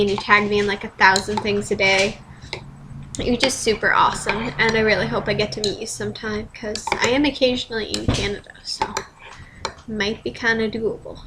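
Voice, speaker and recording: A woman's voice: mid-range voice, noisy background. A teenage girl vlogging casually, rambling through fan dares with self-deprecating asides and casual swearing, filmed at home on a webcam.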